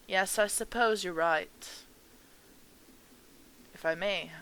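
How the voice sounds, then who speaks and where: A woman voicing a gentle, grieving elderly mother at a funeral, speaking softly and slowly with a tremble, for a game. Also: medium pitch, clear, resonant tone, rough recording. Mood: resigned.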